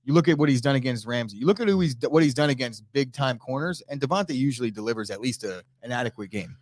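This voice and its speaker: A man's voice: mid-range voice, animated, fast talker, dry recording, studio quality. A man co-hosting a sports talk show, arguing his picks with numbers and reading ads. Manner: argumentative, piles up stats. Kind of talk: casual sports debate.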